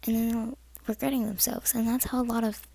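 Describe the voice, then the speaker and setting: A woman's voice: a little high, level tone, brisk, gravelly, mellow, no echo, rough recording. A woman giving earnest, rambling advice to the camera, often dropping to a whisper.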